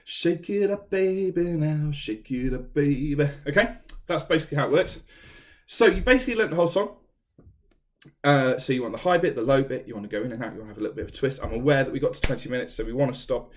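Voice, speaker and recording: A man's voice: mid-range voice, racing. A man from England teaching an online singing lesson, chatty and self-deprecating, filmed on a camera set up in a room at home. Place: room at home during lockdown. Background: piano playing.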